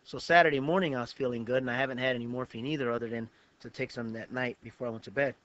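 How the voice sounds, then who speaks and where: A man's voice: medium pitch, fairly even intonation, racing, fairly bright tone, dry recording. A man, a pastor and guest on a talk show, telling a long personal story in an earnest, detailed way with frequent restarts. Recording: dull lo-fi web show recording.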